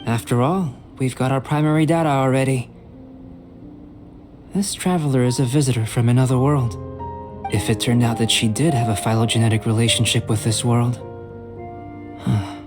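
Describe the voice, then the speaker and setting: A man voicing a calm, composed young alchemist in a video game, measured and gently lecturing. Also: medium pitch, close to an everyday voice. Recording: game audio with clear music behind. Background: game music.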